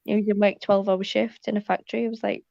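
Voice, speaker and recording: A woman telling a story in casual chat, animated and swearing a lot. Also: mid-range voice, racing, creaky, no room sound. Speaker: panel guest. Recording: slightly muffled, dull audio.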